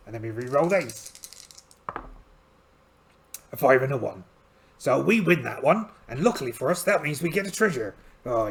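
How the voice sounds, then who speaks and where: A man playing a solo tabletop game aloud in a chatty, rambling, self-deprecating way. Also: mid-range voice. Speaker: solo game player and channel host.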